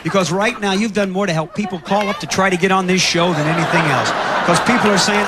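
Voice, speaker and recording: A man hosting a television game show, teasing contestants in quick banter before a studio audience. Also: high voice. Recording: loud studio audience and noise.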